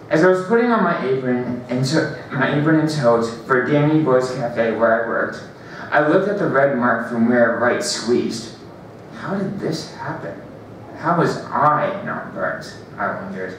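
A man's voice: medium pitch, expressive, slight background noise. A man reading his own first-person story aloud at an open mic, stumbling and correcting himself as he goes. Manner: halting, restarts and corrects himself. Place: library event room. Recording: very echoey room, distant mic.

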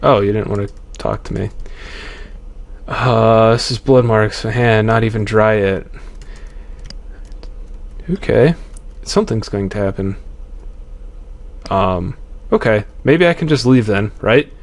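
A man's voice: on the low side, slow pace, pauses often. A man commentating on a horror game, jumpy and swearing often as he reads the game's text aloud. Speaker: let's play commentator. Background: game music.

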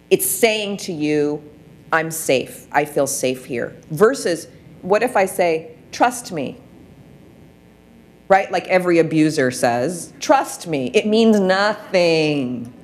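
A woman presenting a wellness workshop, coaching listeners through practices with frequent rhetorical questions. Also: on the low side. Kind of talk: guided practice talk.

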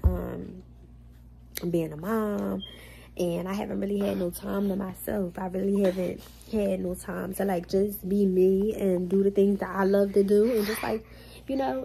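A woman's voice: mid-range voice, creaky, warm tone, slight background noise. A young woman vlogging casually to her phone camera, chatty and full of "y'all" as she talks to viewers. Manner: chatty, repeats herself, says "y'all" a lot. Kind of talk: casual vlog talk to camera. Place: restaurant, then her home.

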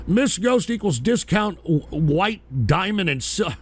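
A man's voice: high voice, expressive, unhurried, noisy background. A man hosting a call-in radio show, rambling through viewer names with brash, profane, mock-indignant banter.

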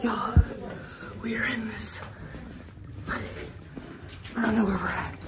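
A woman's voice: medium pitch, fairly even intonation, measured pace, very noisy. A woman vlogging on a hiking trail, chatty and enthusiastic, with slangy asides and at times out of breath. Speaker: travel vlogger. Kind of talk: casual vlog narration and on-the-go talk.

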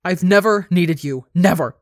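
A reader playing a traumatized young winged man who shouts and snarls with raw fury, in a dry close recording. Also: mid-range voice, steady tone, a little fast, no echo, lightly acted. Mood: screaming.

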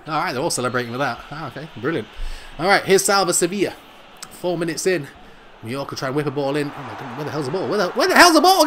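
A man hosting a football video game playthrough, joking around and commentating excitedly, bursting into shouts at goals. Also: high voice, slight background noise. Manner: jokey, excitable, yells at goals. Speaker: gaming channel host.

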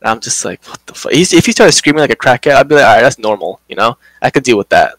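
A man's voice: medium pitch, fast talker, no echo, poor audio. Young man telling a story, swearing a lot. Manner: animated, swears a lot, acts out quotes. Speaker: podcast host telling a work story. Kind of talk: casual storytelling chat.

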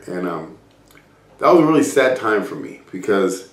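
A man's voice: fairly low pitch, very animated, moderate pace. A man speaking as a motivational business speaker. He tells a personal story and acts out remembered conversations, with frequent restarts. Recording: roomy, distant mic.

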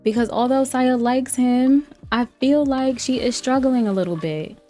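A young woman giving casual commentary on a life-simulation game, chatty and playful, laughing often and breaking into excited exclamations. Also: sits high, measured pace. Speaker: let's play streamer. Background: faint lofi background music.

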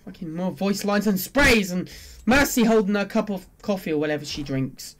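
A gaming video creator reacting while opening loot boxes. They swing between glum muttering, pleading with the game, and excited shouting. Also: medium pitch, moderate pace.

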